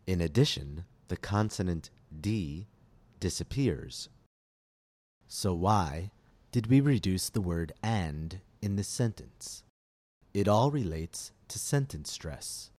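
A man teaching English pronunciation in a scripted podcast lesson, speaking slowly and articulating each word clearly. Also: sits low, a little mellow. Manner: slow, deliberate, clearly articulated delivery.

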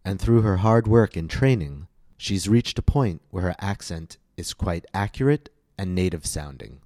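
A man giving a scripted pronunciation lesson as a coach, speaking slowly and enunciating carefully. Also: low-pitched, expressive, warm tone, dry recording, clean studio sound. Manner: slow, careful, clearly enunciated. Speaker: accent coach.

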